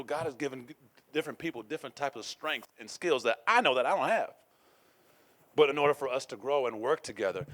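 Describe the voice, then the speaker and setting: A man preaching a sermon to a congregation, using call-and-response and swinging between loud declarations and hushed asides. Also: medium pitch, dry recording.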